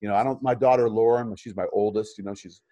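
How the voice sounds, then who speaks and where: A man's voice: lowish voice, fairly even intonation, fast, mellow, no room sound, lo-fi sound. Rambling middle-aged man, dry sound. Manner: rambling, many fillers and restarts. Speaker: chiropractor and practice coach. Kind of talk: casual interview conversation.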